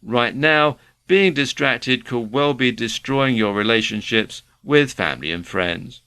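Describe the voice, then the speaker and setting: A man's voice: mid-range voice, measured pace, sharp tone, clean tone. A man giving earnest, conversational self-help advice to the viewer. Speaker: self-help video presenter. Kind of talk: motivational talk to camera.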